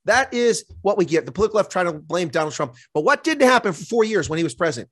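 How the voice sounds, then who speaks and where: A man speaking as a political interview guest, indignant and impassioned. His voice sits a little high. He hammers his points home with emphasis. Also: expressive, very fast, husky, no room sound. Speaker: guest commentator.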